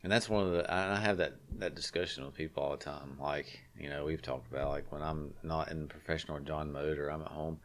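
Brief: low-voiced man, rambling storyteller, blunt and salty, acts out quotes. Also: steady tone, a little fast, hardly any pauses, a bit bright. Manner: salty, frank talk. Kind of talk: casual chat.

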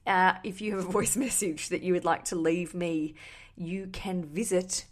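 A woman's voice: fairly low pitch, steady tone, moderate pace. A woman hosting a casual podcast, replying to listener voice messages in a chatty, ranty, self-mocking way with casual swearing. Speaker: podcast host.

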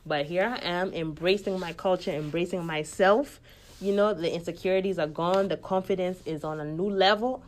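Lower-voiced Kenyan woman, chatty. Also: moderate pace. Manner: switches freely between Swahili and English, animated and candid. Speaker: podcaster. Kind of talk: casual monologue.

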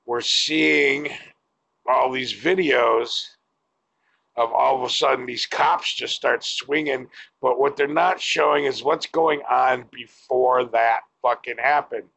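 A man's voice: medium pitch, fairly even intonation, slow pace, vocal fry, sharp tone, breathy edge, rough recording. A man giving a blunt, profane opinion rant to camera as a vlogger.

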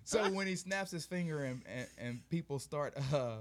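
A man's voice: a little high, animated, moderate pace, background noise. A man co-hosting a casual podcast chat, rambling with many fillers and frequent laughter. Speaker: podcast co-host.

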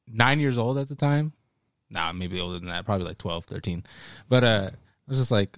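Low-voiced man, laid-back joking chat. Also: normal speed, gravelly, no echo, clean studio sound. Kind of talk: casual chat.

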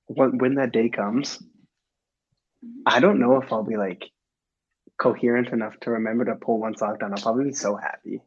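A man's voice: medium pitch, slightly rough, highs cut off. A young American man, a soccer player guest, chatting casually and laughing often. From United States. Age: young adult. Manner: laid-back, laughs often, loose filler-heavy talk. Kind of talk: casual interview chat.

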